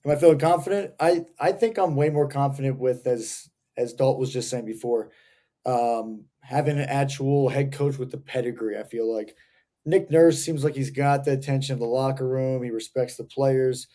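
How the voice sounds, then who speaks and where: A man's voice: mid-range voice, normal speed, warm tone. A young man, co-hosting a casual sports podcast and ranting like a heated fan. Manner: rambling, heated fan rants. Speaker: podcast co-host.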